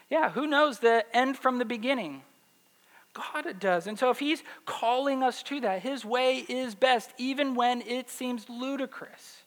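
A man with a fairly high voice preaches a lively sermon, throwing questions out to his listeners. His voice rings in a hall with a long reverb. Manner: animated, asks the audience questions. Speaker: pastor. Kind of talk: sermon with scripture reading.

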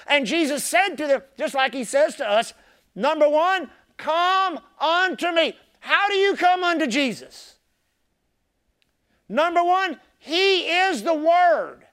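A man preaching a sermon as pastor, impassioned and repeating his key phrases, swinging from shouted emphasis to soft, low asides. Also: expressive, takes it slowly.

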